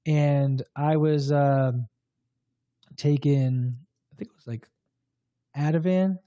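A man with a fairly high, mellow voice tells a candid personal story as a guest. He talks casually and loosely, full of fillers. The sound is dry and close. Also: steady tone, takes it slowly, dry recording. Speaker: guest, breathwork coach.

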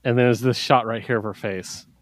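Brief: male podcast co-host, mid-pitched, animated and profane comics recap, dry close mic. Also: brisk, no echo. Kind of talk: casual comic book review chat.

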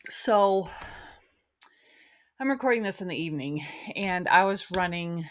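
A woman's voice: fairly low pitch, lively intonation, a little slow. A woman hosting a podcast, a little out of breath, telling a rambling story with disgust. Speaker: podcast host.

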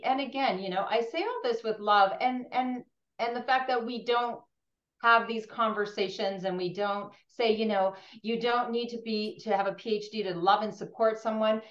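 A woman hosting a conversational interview, speaking with gentle humor. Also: medium pitch. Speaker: host. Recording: dull, echoey room sound.

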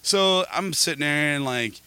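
A middle-aged man, a podcast host, telling an animated story in casual chat and quoting people back and forth. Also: a little high, normal speed, smooth, no room sound.

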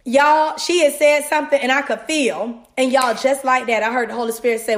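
A woman with a voice on the high side, speaking at normal speed, hosts a devotional podcast. She delivers an animated, casual motivational sermon straight to her listeners, saying "y'all," in a roomy-sounding recording.

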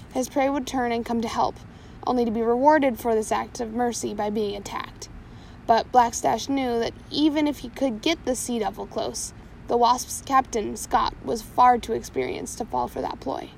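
A woman's voice: on the high side, vocal fry, a little mellow, a little hiss or hum, rough recording. A woman reading a pirate storybook aloud, now and then stumbling and correcting herself. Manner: reads with small slips and self-corrections.

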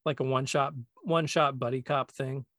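A man co-hosting a podcast, talking in a relaxed, easygoing way and thinking aloud with plenty of filler words. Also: medium pitch, brisk, dry recording, clean studio sound. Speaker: podcast co-host, voice actor. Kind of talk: casual podcast chat.

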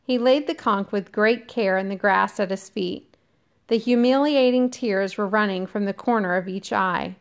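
Woman teacher, class read-aloud of a novel, steady and measured delivery. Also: medium pitch, gravelly, smooth.

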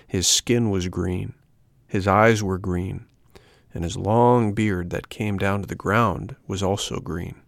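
A male audiobook narrator reading a classic children's tale in a measured, even way. His voice sits low and has a gravelly grain, recorded close and dry with no room sound. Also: no room sound. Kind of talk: scripted storybook narration.

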